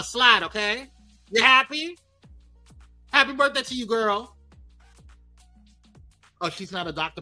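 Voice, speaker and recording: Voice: medium pitch, sharp tone, dry recording. A host of a live show, chatting casually in a sassy, teasing, playful way, calling people girl and baby and trading jokes with the crew. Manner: chatty with frequent laughs and restarts.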